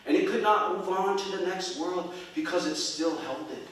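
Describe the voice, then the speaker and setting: A man's voice: high voice, moderate pace, a bit bright, pitched above the performer's own voice. A man voicing a wise, teasing old grandfather with a patient, playful manner, recorded from far off in an echoey hall. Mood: solemn.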